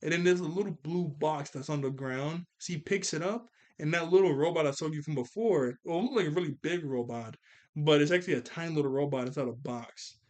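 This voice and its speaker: Chatty man recapping a cartoon. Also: on the high side. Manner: chatty, laughs often, quick character quotes. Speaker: cartoon episode reviewer. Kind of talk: casual episode recap.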